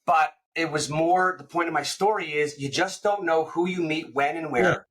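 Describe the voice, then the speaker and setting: A man who owns a print company, telling a personal business anecdote in a relaxed interview, with animated retelling and repeated words. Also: a little high, normal speed. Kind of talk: casual storytelling in an interview.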